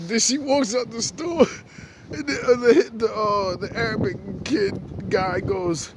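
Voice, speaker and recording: A man's voice: very high-pitched, sing-song, measured pace. A young man telling a meandering story in a casual monologue, laughing often and swearing freely as he drifts off topic. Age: young adult. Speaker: vlogger. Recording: noisy street background.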